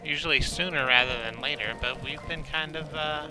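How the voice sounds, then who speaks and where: A man's voice: fairly high pitch, normal speed, rough recording. A man streaming a game, chatting casually in a rambling, joking, self-deprecating way. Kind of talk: casual gameplay commentary. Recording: game music playing loudly behind. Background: in-game car radio music.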